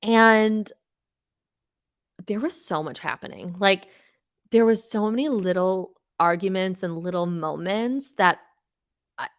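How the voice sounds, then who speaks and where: A young woman hosting a pop culture podcast, recapping reality TV in an animated, gossipy way, swearing freely and full of fillers. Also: medium pitch, takes it slowly, long pauses, smooth. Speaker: podcast host.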